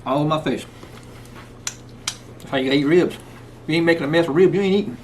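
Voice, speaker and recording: A man's voice: fairly high pitch, a little fast, a little hiss or hum. A man hosting a casual cooking vlog, talking folksy and sometimes with food in his mouth. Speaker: cooking channel host. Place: outdoors in the rain, then indoors.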